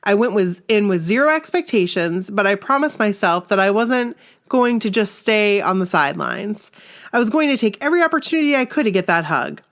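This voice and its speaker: A woman co-hosting a casual podcast, reading listener stories aloud with lively feeling. She breaks into high, excited exclamations and laughs often along the way. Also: fairly quick.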